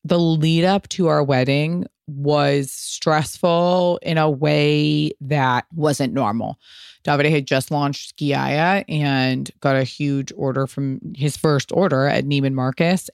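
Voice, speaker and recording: A woman's voice: sits low, takes it slowly, clear, resonant tone, no room sound. Woman host, 30s, solo podcast, blunt and profane, clean dry close-mic sound. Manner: candid, profane, animated storytelling. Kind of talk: casual solo podcast answering listener questions.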